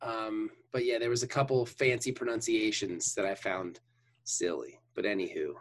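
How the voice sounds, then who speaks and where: A man's voice: on the low side, moderate pace. A man co-hosting a podcast, chatting casually and joking with friends while watching a show. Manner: jokey, animated, trails off when unsure. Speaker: podcast co-host. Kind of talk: casual chat.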